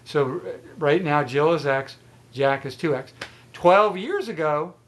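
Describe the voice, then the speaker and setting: A man's voice: on the high side, lively intonation, a little slow. A man in his sixties hosting a trivia channel, chatting outdoors as he explains a math riddle, rambling and restarting his sentences. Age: 60s. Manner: chatty and rambling, with repeated false starts.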